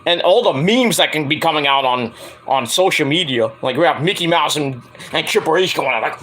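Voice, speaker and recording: A man's voice: on the high side, lively intonation, fairly quick, a bit bright. A man giving a rambling, joking casual livestream review of a wrestling show.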